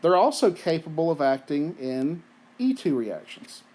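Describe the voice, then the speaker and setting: A man's voice: fairly high pitch, very animated, a little slow, a little mellow. Chatty man teaching chemistry. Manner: conversational, asks rhetorical questions, frequent "right?". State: has the hiccups. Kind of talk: recorded lecture.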